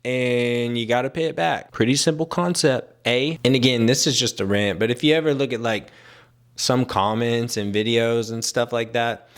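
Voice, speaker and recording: A man's voice: mid-range voice, moderate pace, clear, resonant tone. A young man ranting casually to camera, exasperated and sarcastic, with filler-heavy talk. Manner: exasperated, sarcastic, mimics people he quotes. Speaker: vlogger.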